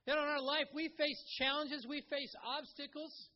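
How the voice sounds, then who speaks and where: High-voiced male pastor preaching. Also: flat delivery, moderate pace, dull audio. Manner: conversational preaching with acted-out quotes. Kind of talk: sermon.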